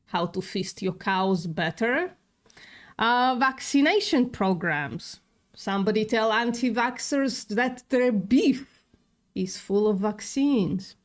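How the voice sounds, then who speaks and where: Slow-talking sarcastic woman livestreamer. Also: mid-range voice, lively intonation. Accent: non-native English. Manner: sarcastic, swears casually, laughs often. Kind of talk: casual livestream chat.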